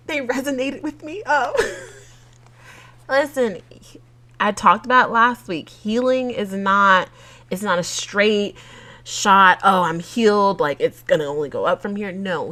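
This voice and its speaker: Woman podcast host, solo casual monologue, giggly and emotional, unhurried delivery. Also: medium pitch, fairly bright tone. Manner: chatty, giggly and emotional, with frequent laughs and fillers.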